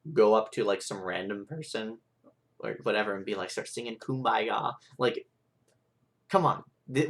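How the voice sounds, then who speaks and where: Young man, vlog rant, mid-pitched voice, rambling frustrated delivery with constant fillers. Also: fairly bright tone. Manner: rambling, frustrated, full of "like" and "right?". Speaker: vlogger. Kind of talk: ranting monologue.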